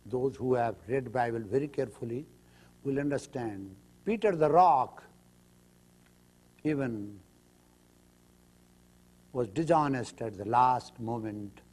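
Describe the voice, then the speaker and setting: A man's voice: mid-range voice, darkish tone, slightly rough. A man giving a spiritual lecture, telling parables emphatically and acting out the quotes. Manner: emphatic storytelling with acted quotes. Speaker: spiritual teacher.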